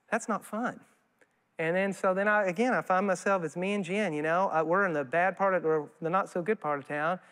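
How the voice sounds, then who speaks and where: Man, high voice, folksy animated sermon, long church reverb. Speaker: guest preacher. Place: church sanctuary.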